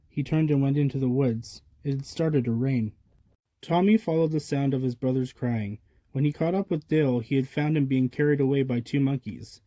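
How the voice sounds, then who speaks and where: A man's voice: mid-range voice, normal speed, no echo. A man reading a children's picture book aloud, lifting his voice for the baby characters' lines. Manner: lively, lifts voice for the babies' lines. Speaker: storybook reader. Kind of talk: children's story read-aloud.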